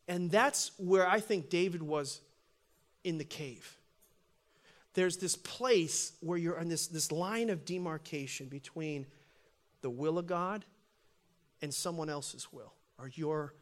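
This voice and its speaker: High-voiced pastor preaching a story. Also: male voice. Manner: animated storytelling, voice swelling loud for emphasis. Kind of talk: sermon with personal story.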